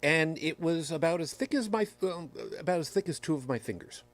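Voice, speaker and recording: A man's voice: a little high, expressive, a little fast. A man hosting a podcast, chatting casually and telling rambling, self-deprecating stories. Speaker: podcast host. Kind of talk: casual chat.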